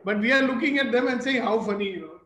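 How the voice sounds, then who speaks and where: Older man, Indian English accent, high voice, playful storyteller, live group talk, roomy echo with faint hiss. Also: quick pace, fairly bright tone. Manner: playful, storytelling, asks the audience questions. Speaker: motivational speaker. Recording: echoey room with faint noise.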